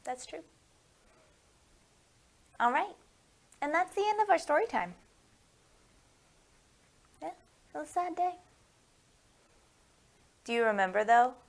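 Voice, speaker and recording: High, sing-song storytime lady. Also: gravelly. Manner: sing-song, playful, coaxing questions to kids. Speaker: children's librarian hosting storytime. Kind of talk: storytime for young children.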